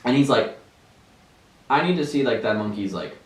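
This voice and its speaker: A man's voice: mid-range voice, animated, normal speed. A young man chatting casually as a podcast co-host, telling a story with lots of fillers and bursts of laughter. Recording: roomy, distant mic.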